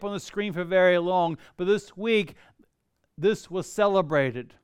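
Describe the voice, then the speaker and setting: A pastor delivering a sermon, building to emphatic outbursts and slowing on key phrases. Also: male voice, high-pitched, clear, resonant tone, dry recording, clean studio sound. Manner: preaching with rising emphatic outbursts and slow drawn-out key phrases.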